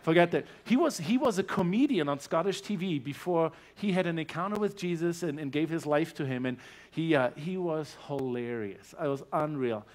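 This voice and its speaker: German-accented man, fairly high voice, earnest testimony speaker who gets loud and animated. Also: moderate pace, few pauses. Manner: earnest storytelling, growing animated and loud at peaks. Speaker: guest speaker sharing his testimony. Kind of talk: personal testimony in a church service.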